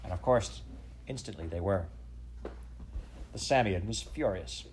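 A man narrating a children's story in an expressive, measured reading. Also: sits low, slight background noise, rough recording. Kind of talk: audiobook storytelling.

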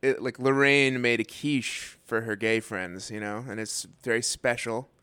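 A man trading dry, deadpan quips in casual comedy podcast banter. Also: mid-range voice, unhurried, clear, resonant tone, no echo.

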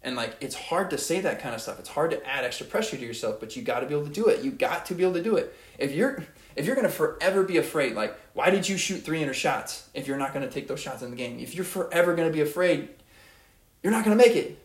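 A man's voice: a little high, lively intonation, fast talker, roomy sound. A young man giving an earnest, rambling motivational monologue as a podcast host, often repeating his phrases.

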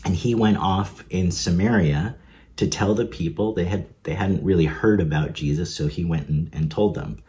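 Low-voiced man preaching casually from home. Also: moderate pace, dark tone. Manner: conversational, chuckling asides, hesitant fillers. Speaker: preacher and seminarian. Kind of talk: casual online sermon. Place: upstairs bedroom at home.

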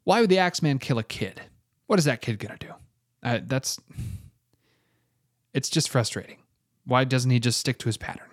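A man's voice: mid-range voice, animated, moderate pace, pauses often, no echo, studio quality. A man hosting a podcast, telling a true-crime story in a casual, self-deprecating way with lots of filler words. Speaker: podcast host.

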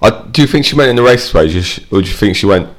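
Male co-host, very deep, swears freely, loose rambling banter. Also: animated, racing. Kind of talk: casual chat.

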